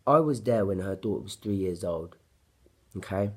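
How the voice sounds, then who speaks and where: A man talks in a husky, slightly breathy voice that sits fairly low. He rants bluntly and profanely as he tells his own story straight to camera, building up agitation. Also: animated, moderate pace, a little mellow. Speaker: vlogger. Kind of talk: personal story told to camera.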